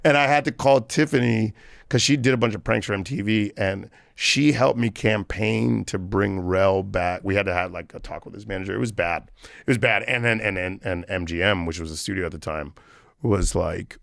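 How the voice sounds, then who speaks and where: A man's voice: fairly low pitch, animated, moderate pace, gravelly, fairly bright tone, no echo, studio quality. A man guest on a podcast, telling a story in a rambling, casual way with many fillers. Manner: rambling, lots of "like" and restarts.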